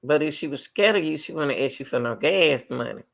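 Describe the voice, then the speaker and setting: A man doing live reaction commentary on a video, animated and talking straight to his chat. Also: on the high side, a little fast, gravelly. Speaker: commentary streamer.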